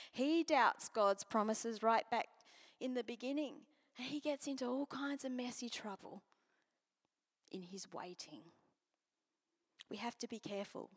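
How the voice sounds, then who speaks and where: A woman preaching a sermon and reading scripture, earnest, moving from strong emphasis to soft near-whispers. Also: medium pitch. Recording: long hall reverb.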